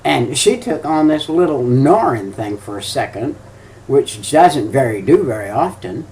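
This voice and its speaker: A man's voice: medium pitch, very animated, a little slow, a little mellow, distant mic, a little hiss or hum. An older man preaching a folksy sermon, telling stories with emphatic, chuckling delivery.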